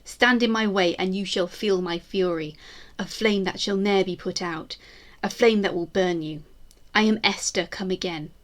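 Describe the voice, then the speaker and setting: Woman doing a furious tudor queen, all grand oaths and vengeance, mid-pitched. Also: steady tone, normal speed, close to an everyday voice. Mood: defiant. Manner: grand declamatory speech, rising to fury. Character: defiant vengeful Tudor queen, proud and zealous.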